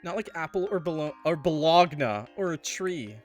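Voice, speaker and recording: A man's voice: fairly high pitch, lively intonation, normal speed, faint music behind, pitched above the performer's own voice, natural voice. A man voicing a bratty, scheming young woman who talks in a snide, mocking way. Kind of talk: game voice acting.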